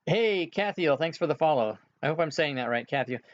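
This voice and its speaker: A man's voice: on the high side, expressive, fairly quick, dull audio. A man working as game master, casually walking players through setup with frequent filler sounds. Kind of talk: casual instructions during an online game session.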